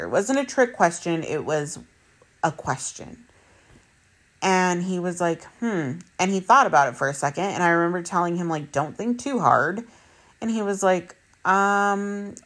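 Woman in her thirties, lowish voice, candid vlog monologue, swears a lot, repeats herself for emphasis. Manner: blunt, swears freely, emphatic repetition. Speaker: vlogger.

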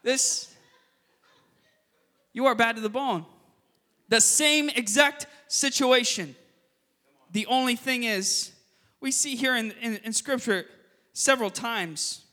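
A man preaching a sermon as pastor, telling the story with sudden loud emphasis and quiet, quick asides. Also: very high voice, in a large hall. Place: church sanctuary.

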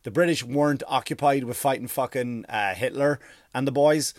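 Man, rambling comic monologue, profane deadpan storytelling, dry close sound. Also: medium pitch, normal speed, dry recording. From Ireland. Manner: rambling, profane, deadpan mock-history with silly put-on voices.

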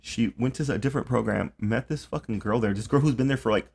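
A man's voice: medium pitch, fast, vocal fry, a little mellow, breathy edge. A young man hosting a casual podcast chat, telling rambling stories full of swearing and fillers. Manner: profane, rambling storyteller with lots of fillers. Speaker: podcast host.

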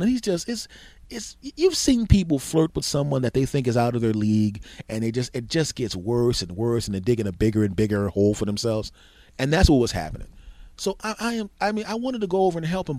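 A man's voice: on the high side, darkish tone, no room sound, clean studio sound. A man hosting his own podcast, telling a comic story in a loose, swearing style and acting out the people in it. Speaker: podcast host. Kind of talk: solo comedic storytelling podcast.

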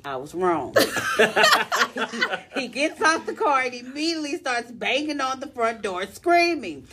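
On a laid-back podcast, a young female co-host with a high-pitched voice reads out a listener's lengthy story in an unhurried way. She's animated and keeps breaking into laughter, and the recording is very noisy.

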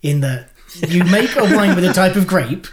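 A man's voice: high voice, animated, moderate pace, a crowd in the background. A man co-hosting a casual podcast, joking and asking follow-up questions as he learns about wine. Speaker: co-host.

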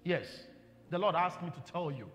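A man's voice: a little high, expressive, moderate pace, a bit bright, soft background music. A male pastor preaching a sermon with emphatic call-and-response and many "you know"s. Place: church hall. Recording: echoey church hall.

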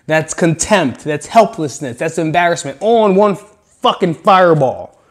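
A man hosting a solo podcast, speaking frankly and with lots of swearing, rambling between low mutters and loud venting. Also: expressive, unhurried. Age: adult with children. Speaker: podcast host. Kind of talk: solo podcast monologue on anger.

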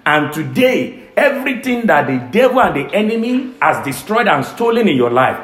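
High, lively preaching man in an echoey church. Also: normal speed. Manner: emphatic preaching with repeated phrases. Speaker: pastor. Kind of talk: sermon. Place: church service.

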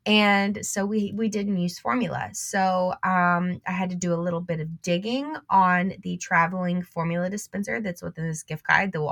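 A woman's voice: mid-range voice, fairly bright tone. Stuffy-nosed young woman hosting a podcast. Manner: upbeat and chatty, with frequent small laughs. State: stuffy nose from a cold. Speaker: podcast host. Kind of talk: casual solo podcast chat.

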